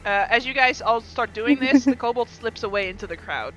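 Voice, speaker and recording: A woman's voice: a little high, animated, normal speed, muffled recording, music in the background. A woman narrating as game master of a tabletop game, hesitant, with many ums.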